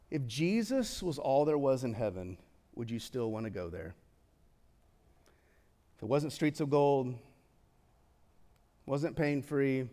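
A young man preaching a sermon in a casual, conversational way, swinging from excited to hushed and solemn. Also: medium pitch. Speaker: pastor.

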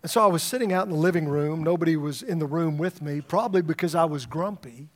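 A man's voice: on the high side, fast. A middle-aged man, a pastor, preaching a sermon in a conversational storytelling way, often repeating words as he starts a thought.

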